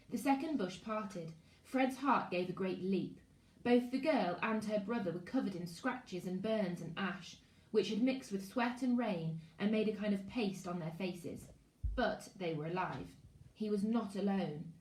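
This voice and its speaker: A woman, a primary school teacher, reading a children's novel aloud in an expressive storytelling voice. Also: mid-range voice, moderate pace, few pauses. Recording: echoey room.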